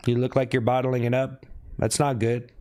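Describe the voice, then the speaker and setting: A man live streaming who teases his chat with repeated needling questions and breaks into sudden high yelps. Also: flat delivery, normal speed, mellow. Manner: teasing, repetitive needling questions.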